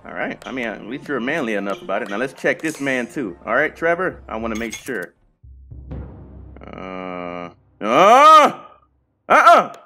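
A man playing a horror game and commenting as he goes, bantering with the characters and yelling loudly when scared. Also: lowish voice, moderate pace, faint music behind. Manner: loud excited reactions, slangy banter with game characters. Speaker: gaming streamer.

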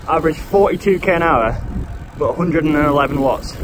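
Riding outdoors along a mountain road, a young cycling vlogger chats casually to camera with a fairly high voice and lively intonation, keeping a measured pace and pausing often. Amid background noise, he jokes around, teases his friend, and whoops loudly while riding.

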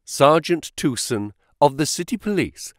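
A man's voice: a little high, very animated, measured pace, dry recording, clean studio sound. A man narrating a classic story as an audiobook reader. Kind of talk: scripted narration.

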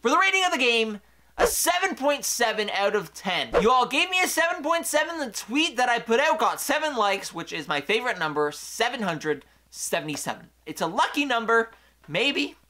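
A young man recapping a hockey game on his own channel, talking in an animated way that swings from excited outbursts to quiet asides. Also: very high-pitched, moderate pace. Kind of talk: solo game recap commentary.

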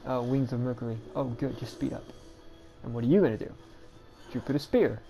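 A woman giving casual, chatty commentary as she plays through a game, with quick self-deprecating asides. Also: a bass voice, fairly even intonation, vocal fry, dark tone, faint music behind. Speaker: gameplay commentator.

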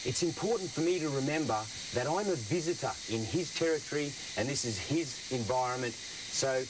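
A man with an Australian accent presenting wildlife outdoors, excitable and full of quick exclamations. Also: medium pitch. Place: outdoors in the bush. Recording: noisy outdoor field recording.

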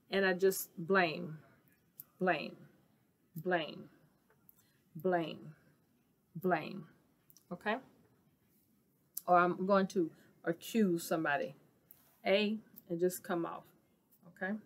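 A woman's voice: medium pitch, a bit bright. Chatty woman teaching signs. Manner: chatty, many fillers, repeats each sign word slowly. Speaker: sign language vocabulary teacher. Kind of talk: casual instructional video.

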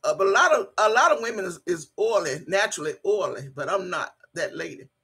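Older lady in her 60s on a live stream, husky bright voice, loud and laughing, cusses a lot. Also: on the low side, animated, brisk. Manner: loud, laughing, teasing commentary; chatty, colloquial, swears freely. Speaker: livestream host reading chat. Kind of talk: casual live-stream chat.

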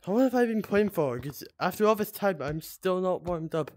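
A man's voice: high-pitched, lively intonation, moderate pace, darkish tone, no room sound. A young man chatting playfully with friends and his stream chat during a game. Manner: playful, teasing. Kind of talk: casual gaming chat.

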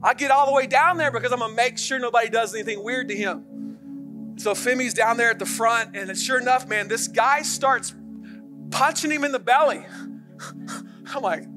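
A middle-aged male pastor telling a story in a sermon, getting animated and loud as it builds. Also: moderate pace, pauses often, music in the background. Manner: animated, gets loud and high when excited.

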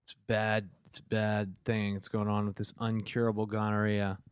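A man's voice: lowish voice, completely flat delivery, normal speed, smooth, dry recording, clean studio sound. A man co-hosting a casual podcast, teasing his friend and swearing often. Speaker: podcast co-host. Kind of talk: casual drunk podcast chat.

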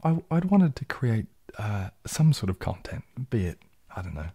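A man hosting a casual late-night ASMR livestream, chatting softly and reading viewers' questions aloud, rambling in a relaxed way and sometimes dropping into a whisper. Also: lowish voice, moderate pace, creaky. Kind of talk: casual soft-spoken livestream chat.

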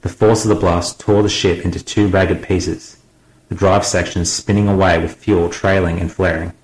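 A man reading an audiobook aloud in a steady, dramatic manner. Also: low voice, moderate pace, reverberant, rough recording. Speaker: guest audiobook narrator. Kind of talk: scripted audiobook narration.

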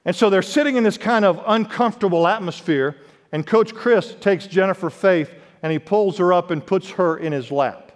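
Male pastor, high voice, dynamic sermon delivery, long church-hall reverb. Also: moderate pace. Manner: preaching with sharp swings in pitch and volume, quotes scripture. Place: church sanctuary.

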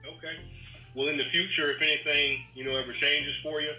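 A man makes a relaxed, friendly cold call as a realtor. His voice comes through very bright and sharp, with a roomy echo from the call recording. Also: on the high side, brisk, faint music behind. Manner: friendly, easygoing, salesman-casual.

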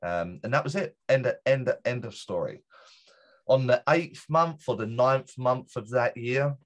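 A middle-aged man of medium pitch speaks unhurriedly as a guest in an interview. He's a spiritual medium and teacher, and he tells a personal story in a rambling way, correcting himself and packing in fillers and restarts.

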